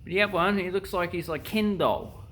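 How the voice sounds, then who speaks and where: A man with an Australian accent voicing a rude, loud-mouthed Aussie bloke who shouts and swears to call someone over. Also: high-pitched, brisk, slight background noise, pitched above the performer's own voice. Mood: yelling, crude.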